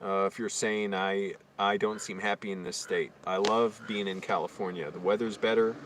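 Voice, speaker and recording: Here a Virginia man with a lowish, fairly bright voice vents on a livestream at a normal speed and with fairly even intonation. His indignant story wanders, full of fillers and restarts, and there's slight background noise.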